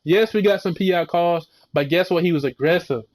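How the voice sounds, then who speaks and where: Young male fan ranting a game recap: fairly high voice, heated, rambling, profane. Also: a little fast, a little mellow. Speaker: sports fan video creator.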